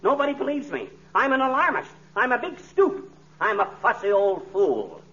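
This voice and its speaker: A man playing an excitable, boastful, suspicious husband in a 1940s radio comedy, with a folksy, blustering delivery. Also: high-pitched, normal speed, husky, exaggerated voice. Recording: dull lo-fi old radio recording with faint hiss.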